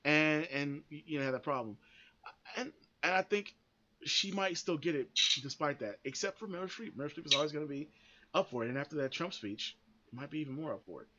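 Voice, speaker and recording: A man's voice: on the high side, lively intonation, fairly quick, sharp tone, highs cut off, a little hiss or hum. A man hosting a podcast, giving blunt, opinionated commentary that rambles with frequent restarts and free swearing. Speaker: podcast host.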